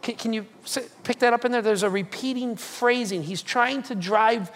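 Role: pastor. Style: sermon. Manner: animated storytelling, acts out quoted lines, jokey asides. Pitch: middle. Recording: long hall reverb in a church sanctuary. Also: moderate pace.

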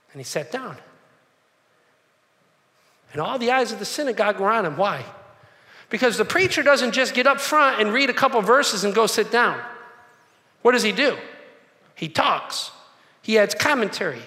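A man preaching a sermon, animated and acting out the voices of the crowd. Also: high-pitched, moderate pace, pauses often. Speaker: pastor. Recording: long hall reverb.

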